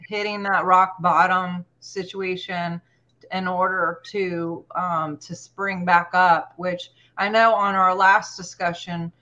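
A woman's voice: on the low side, sharp tone, muffled recording. A woman hosting a round-table discussion, reflecting on a guest's story in a loose, thoughtful way. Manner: reflective, with filler phrases. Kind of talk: discussion moderation.

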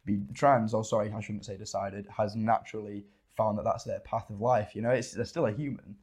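A man's voice: fairly low pitch, steady tone, brisk, darkish tone, husky. A man co-hosting a podcast, chatting casually with jokey, sweary banter. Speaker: podcast co-host. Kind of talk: casual chat.

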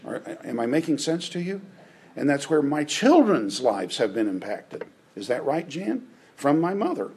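Pastor guy giving a sermon, kinda husky, chatty, keeps asking if folks are with him. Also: on the high side, darkish tone, rough recording. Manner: conversational, checks in with listeners.

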